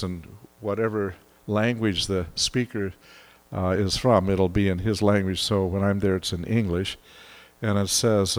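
Folksy preacher man in a reverberant hall. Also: on the low side. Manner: folksy, chuckling, many fillers. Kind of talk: sermon. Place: church.

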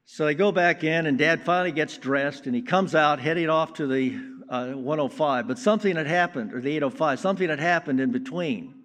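A man preaching a sermon in a slow, deliberate way with strong emphasis on key words. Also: on the high side, fairly bright tone. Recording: long reverb of a large hall.

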